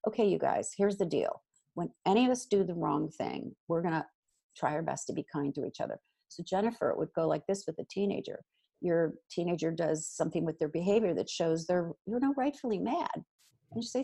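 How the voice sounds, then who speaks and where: A middle-aged woman, a guest expert, giving parenting advice in an energetic, emphatic conversational way. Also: on the low side, vocal fry, breathy edge. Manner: energetic, emphatic, quick bursts of repetition.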